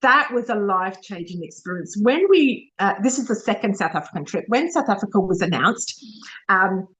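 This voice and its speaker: A woman's voice: medium pitch, lively intonation, moderate pace, fairly bright tone, poor audio. A middle-aged Australian woman giving an informal motivational talk as a sales director. She is chatty and emotional, laughs often, and repeats and corrects herself as she speaks.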